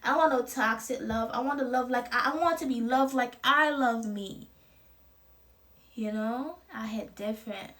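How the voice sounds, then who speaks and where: A woman's voice: a little high, moderate pace, a bit bright. A young woman, talking casually at home to camera about confidence, loose and playful with lots of slang. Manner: loose, profane and playful, laughs often. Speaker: vlogger promoting her clothing brand. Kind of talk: casual motivational talk to camera.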